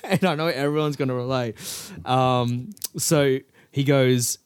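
A man's voice: medium pitch, fairly even intonation, a little slow, clear, resonant tone, dry recording. Young aussie guy rambling on a podcast, swears a lot, dry close sound. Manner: rambling, laid-back, swears freely. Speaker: podcast co-host. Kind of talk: casual chat.

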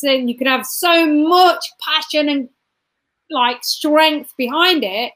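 A woman's voice: high voice, measured pace, a bit bright. A woman, a guest giving a motivational talk, repeating phrases emphatically and punching points with sound effects.

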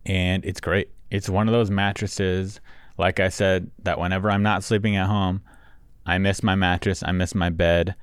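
A podcast host reading a sponsor ad in a chatty, emphatic and crude way. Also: male voice, deep voice, clean tone, no room sound, studio quality. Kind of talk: host-read ad, casual.

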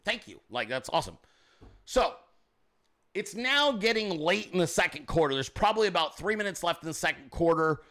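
A man hosting a casual chat, telling a story with animated acted-out quotes and casual swearing. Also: high-pitched, a little fast. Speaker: podcast host.

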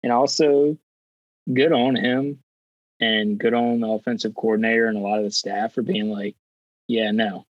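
A man's voice: medium pitch, steady tone, moderate pace, no echo, muffled recording. A man co-hosting a casual sports podcast with dry, wry remarks.

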